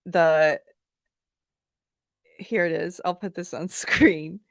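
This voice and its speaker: A woman's voice: on the low side, fairly even intonation, takes it slowly, no echo, clean studio sound. A woman hosting a livestream, giving outspoken, chatty commentary and reading viewer comments aloud. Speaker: livestream host. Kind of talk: casual commentary.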